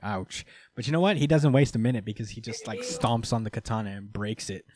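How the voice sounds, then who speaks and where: This man's voice is fairly low and a little fast, with a bit of hiss or hum on the recording. He's a podcast host chatting casually with friends, going over a manga chapter with lively storytelling, voicing the characters' lines and cursing without restraint.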